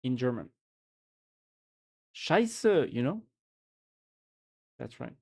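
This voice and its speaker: A man's voice: medium pitch, slow, a little mellow. A man with a French accent chatting casually and joking while he codes on a live stream. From France. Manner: joking, musing aloud, full of restarts.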